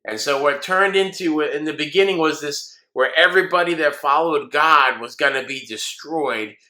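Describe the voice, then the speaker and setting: A male pastor gives a sermon in a bright, forceful voice of middling pitch. He tells the story earnestly and voices the people in it. He closes with soft encouragement.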